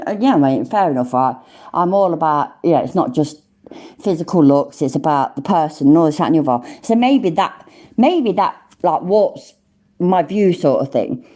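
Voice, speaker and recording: A woman's voice: deep voice, warm tone. A woman in her forties hosting a livestream, a little tipsy, chatting casually, swearing freely and laughing often. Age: 40s. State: tipsy from drinking. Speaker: livestream host.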